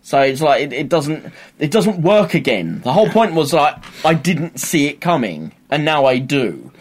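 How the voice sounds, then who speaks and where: Animated man chatting. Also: a little high, normal speed. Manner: animated, acts out sketch voices. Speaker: podcast co-host. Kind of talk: casual chat.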